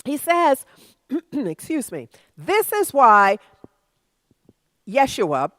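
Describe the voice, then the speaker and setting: A woman's voice: high voice, big pitch swings, drawn-out words, a bit bright, dry recording. A woman minister giving a sermon, conversational at first and building to emphatic preaching.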